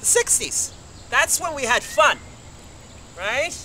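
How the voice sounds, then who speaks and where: A man's voice: extremely high pitch, big pitch swings, takes it slowly, very noisy, full character voice. A man playing a brash, gossipy middle-aged mother who chatters on and snaps at others. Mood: chatty. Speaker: comic actor. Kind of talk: comedy sketch acting.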